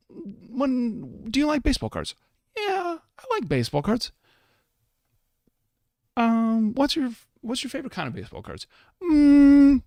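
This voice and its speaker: Goofy childlike grown man who loves his cards, put on by a man, high-pitched and loud, swinging all over. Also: no room sound, clean studio sound, exaggerated voice. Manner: high, loud, dopey mock-interview voice.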